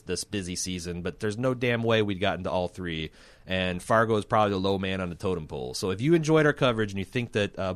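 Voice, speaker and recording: A man's voice: on the low side, no room sound. A man hosting a TV recap podcast, chatting casually in a rambling way with restarts. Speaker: podcast host.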